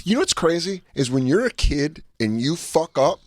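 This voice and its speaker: A man's voice: on the high side, very animated, normal speed, no echo. A man hosting a casual podcast chat, reacting with laughs and some swearing. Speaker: podcast host.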